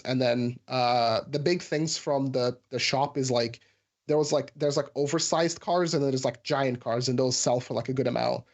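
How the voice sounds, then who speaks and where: A man's voice: medium pitch, darkish tone. A man in a casual podcast chat, rambling through a story with many fillers and restarts. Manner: rambling, filler-heavy, says "like" often.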